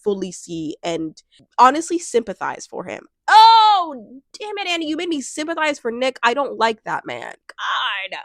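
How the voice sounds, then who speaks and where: A woman's voice: fairly high pitch, dry recording, clean studio sound. Chatty young woman on a couch. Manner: chatty, animated, laughs often. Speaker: reality show recap vlogger. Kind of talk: casual chat. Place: home, on a couch.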